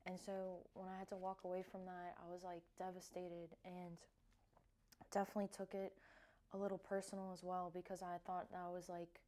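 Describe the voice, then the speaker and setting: A woman vlogger talking casually and softly, with lots of fillers and restarts, as she reflects on cards she has drawn. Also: lowish voice, monotone, fairly quick. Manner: soft-spoken, hesitant with many fillers. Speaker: wellness vlogger.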